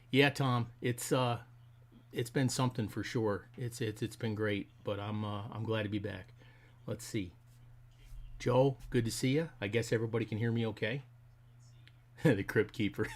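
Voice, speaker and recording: A middle-aged man hosting a casual live stream, rambling in a friendly way and greeting his viewers by name. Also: on the low side.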